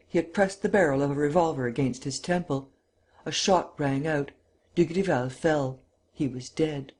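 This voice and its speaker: A man narrating a classic novel as an audiobook, in steady storytelling. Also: medium pitch. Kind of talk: scripted narration.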